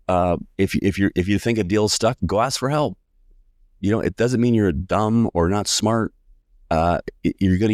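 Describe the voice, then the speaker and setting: A man in his forties from the United States, a sales coach telling a lively personal story in a podcast interview and acting out the voices of people he quotes. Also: on the low side, no echo, clean studio sound. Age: 40s.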